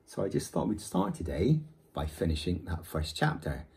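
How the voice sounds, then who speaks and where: Male teacher reading a kids book out loud, lowish voice, really animated up and down. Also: moderate pace. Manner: lively, expressive storytelling. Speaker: primary school teacher. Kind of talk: reading a children's novel aloud.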